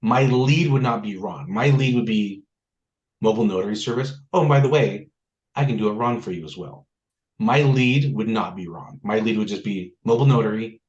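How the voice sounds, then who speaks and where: A man's voice: lowish voice, normal speed, darkish tone, highs cut off. A man hosting a casual group discussion, telling jokey stories and asking for questions. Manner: joking storyteller. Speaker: notary meetup host.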